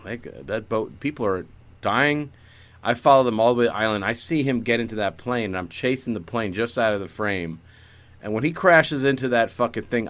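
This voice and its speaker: A man's voice: on the low side, a bit bright. A man in casual comedic chat, riffing improvised bits and swearing freely. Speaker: podcast co-host.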